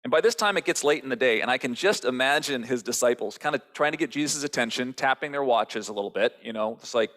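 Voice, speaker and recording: A man preaching a sermon in a relaxed, chatty manner, with a voice of average pitch. He retells a scripture story with easy, conversational phrasing and asks the listeners questions. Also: fast, hardly any pauses. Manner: conversational storytelling, acting out quotes. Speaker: pastor.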